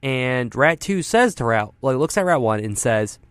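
A man's voice: mid-range voice, big pitch swings, normal speed, fairly bright tone, clean tone, dry recording. A man hosting a radio show from a studio, talking casually and rambling, with lots of fillers. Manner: rambling, self-deprecating, full of fillers. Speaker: radio host. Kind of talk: casual on-air talk. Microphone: studio mic, wearing headphones.

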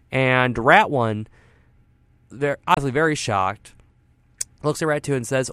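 A man's voice: mid-range voice, unhurried, pauses often, fairly bright tone, smooth, no echo. A man hosting a radio show from a studio, talking casually and rambling, with lots of fillers. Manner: rambling, self-deprecating, full of fillers. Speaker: radio host. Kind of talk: casual on-air talk. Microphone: studio mic, wearing headphones.

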